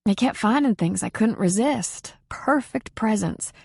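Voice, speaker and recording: A woman's voice: lively intonation, a little slow, creaky, a little mellow, slightly rough, no echo, clean studio sound, heavily acted. Woman voicing a tearful young widow. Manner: sniffling, shaky, high and breaking. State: crying.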